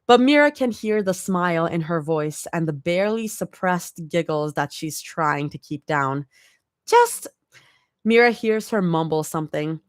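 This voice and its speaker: A woman's voice: low voice, no room sound, studio quality. A woman doing a casual live reading of a story, with small slips and restarts. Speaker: fanfic reader.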